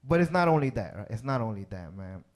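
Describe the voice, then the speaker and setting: A man's voice: on the low side, big pitch swings, quick pace, a little mellow. A male stand-up comedian from Chicago, telling stories on a club stage and tagging his lines with "right?" and "man". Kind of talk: stand-up set.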